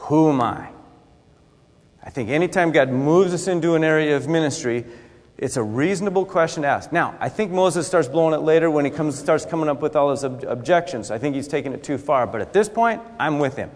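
A man's voice: a little high, lively intonation, fairly quick, big-room sound. A man preaching a sermon in a conversational way, acting out scripture with asides. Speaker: pastor.

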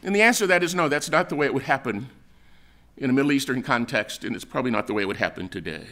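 Bright-voiced older man preaching casually. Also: mid-range voice, lively intonation, racing. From United States. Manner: conversational storytelling with many fillers and restarts. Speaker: pastor. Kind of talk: sermon.

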